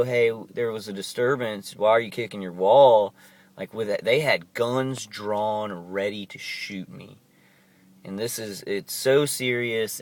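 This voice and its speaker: Agitated young man rambling to camera. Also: lowish voice. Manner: agitated, rambling, repeats himself. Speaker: vlogger. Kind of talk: casual monologue to camera. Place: inside his house.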